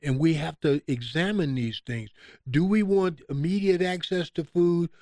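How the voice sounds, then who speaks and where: A man's voice: on the high side, normal speed, a little mellow, no room sound, clean studio sound. A man, a podcast guest, talking conversationally and acting out quoted exchanges in a raised voice. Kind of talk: conversational storytelling.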